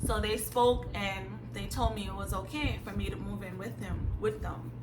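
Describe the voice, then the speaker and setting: A woman's voice: medium pitch, fairly even intonation, moderate pace, music in the background, low-quality recording. A young woman from Jamaica, telling a personal story in a blunt, emphatic way with casual slang. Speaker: vlogger. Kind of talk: candid storytime vlog.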